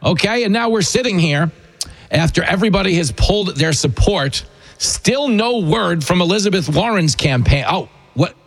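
A raspy male radio host with a fairly high voice that swings widely as he talks. He mocks and jokes his way through a casual chat with callers. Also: lively intonation, normal speed. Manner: mocking, joking banter.

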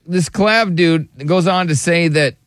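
A slightly high-voiced man hosts a casual podcast, joking loosely as he reads comments aloud. His voice sounds dry and close, with no room echo. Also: unhurried, a bit bright. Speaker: podcast host.

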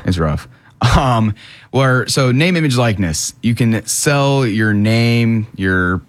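A man's voice: mid-range voice, lively intonation, slow. A man co-hosting a sports radio show in casual chat, self-deprecating and stumbling over his words.

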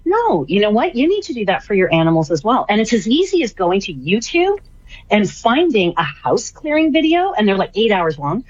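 A woman's voice: mid-range voice, very animated, normal speed, no room sound. A woman chats enthusiastically as a guest on a radio talk show, stacking repeated phrases for emphasis. Her voice comes over a dull, lo-fi line with no room sound. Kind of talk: casual radio interview. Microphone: remote line, traveling.

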